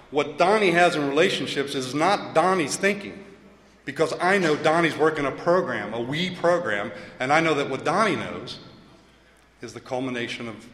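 A man sharing at a recovery meeting, talking haltingly and often repeating words and restarting his sentences. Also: medium pitch, a bit bright. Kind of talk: personal share with a told joke. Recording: echoey hall with long reverb.

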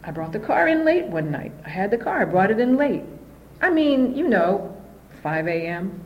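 A woman telling her own story at a recovery meeting, candid and animated. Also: mid-range voice, normal speed, dull audio, slight background noise. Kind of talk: personal recovery testimony.

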